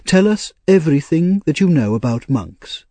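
A male narrator voicing an anxious, kindly old gentleman, earnest and measured, for an audiobook. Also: on the high side, sing-song, no echo, pitched above the performer's own voice. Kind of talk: audiobook character reading.

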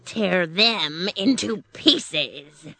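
A woman voicing a cruel, furious old witch in a storybook reading, giving slow, drawn-out commands. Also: on the low side, animated, vocal fry, pushed and bright, a little hiss or hum, full character voice. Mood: cold.

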